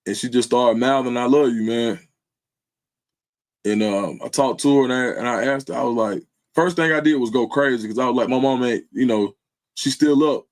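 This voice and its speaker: A man's voice: medium pitch, normal speed. A man hosting his own livestream, speaking in an earnest, loose way with lots of slang fillers. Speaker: livestream host. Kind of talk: casual heartfelt livestream talk.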